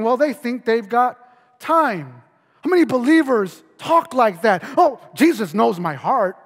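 High-voiced earnest preacher in a reverberant hall. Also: male voice. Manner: earnest preaching, many repeated words, drops low and quiet for emphasis. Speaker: pastor. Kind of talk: sermon.

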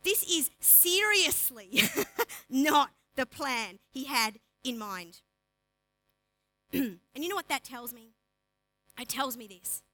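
A woman delivers a lively sermon from a pulpit, talking in a casual, conversational way full of asides. Her voice sits high and bright, and she keeps switching into the voices of the story's characters as she retells scripture. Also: slow pace, long pauses, rough recording. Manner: animated, acts out dialogue of story figures; chatty, uses "like" and asides. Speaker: preacher.

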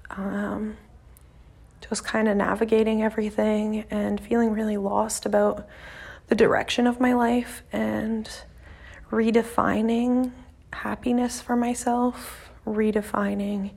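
A woman's voice: a little high, gravelly, darkish tone, breathy edge. A young woman hosting her own podcast alone, talking casually and nervously into her mic, rambling with lots of fillers and the odd swear. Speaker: podcast host. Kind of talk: casual solo podcast monologue.

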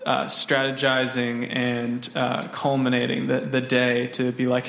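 A man's voice: mid-range voice, completely flat delivery, gravelly, a bit bright, echoey room, long reverb tail. A man telling a casual testimony story from a mission trip, full of fillers and restarts. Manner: halting, lots of fillers and restarts, laughs often. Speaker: church member sharing a mission trip story. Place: church hall.

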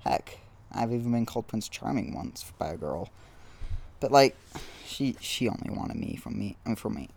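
A young man hosting a casual solo podcast outdoors, rambling and self-deprecating, with frequent halting restarts. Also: on the low side, lively intonation, gravelly, a little mellow, husky. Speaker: podcast host.

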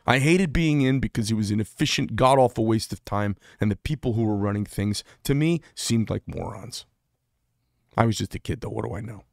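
A middle-aged man speaks in a low register, blunt and unpolished, often doubling back mid-sentence. The sound is dry and close, with no room echo. He talks straight to the camera in a candid personal monologue. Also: brisk, creaky. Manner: blunt, rambling, self-interrupting. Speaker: veteran vlogger.

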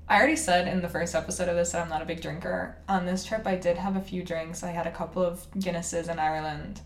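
An American woman in her young adult years, co-hosting a casual podcast chat, animated and quick to laugh. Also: on the low side, roomy sound. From United States. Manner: laughs often, animated storytelling. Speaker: podcast co-host.

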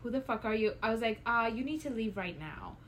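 A woman in her twenties, casually chatting as a podcast co-host, acting out dialogue in a lively storytelling manner. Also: fairly high pitch, fairly quick, slight background noise. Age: 20s. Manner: animated storyteller, acts out dialogue, bursts into loud laughs. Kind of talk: casual chat.

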